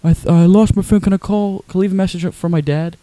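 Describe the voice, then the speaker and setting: A clingy, overeager grown man next door , as a storyteller puts him on, his voice pitched up high and slightly loud. He speaks slowly and haltingly, with overly friendly warmth. The sound is a dry, close podcast recording. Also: steady tone, no echo, close to an everyday voice. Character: overeager awkward adult man neighbor.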